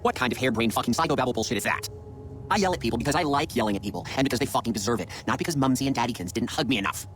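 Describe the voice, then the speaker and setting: An actor playing a foul-mouthed, abusive head chef who rants and then sinks into self-pity, in a game. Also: male voice, medium pitch, lively intonation, rapid-fire, a bit bright, slight background noise, close to an everyday voice. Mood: ranting. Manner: ranting, profane, self-pitying. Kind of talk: video game voice acting.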